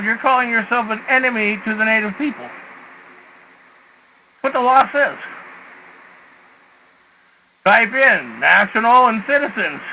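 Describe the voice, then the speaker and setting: A man's voice: very high voice, highs cut off, slight background noise. A man hosting a call-in talk show, lecturing bluntly and preachily, swearing and leaning on "see" and "you know.". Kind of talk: call-in talk radio rant.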